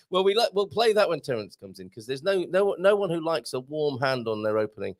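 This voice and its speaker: A man from the British Isles hosts a live show from a small studio. He reads out listener messages and wanders off into jokey asides. His gravelly voice rises and falls a lot. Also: on the high side, sing-song, brisk, over a noisy crowd. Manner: chatty, rambling, jokey asides. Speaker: radio show host.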